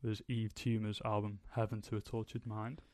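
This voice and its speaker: A man's voice: fairly low pitch, level tone, normal speed, a little mellow, dry recording. Young man, podcast host, rambling casual chat, dry close sound. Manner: chatty, rambling with fillers.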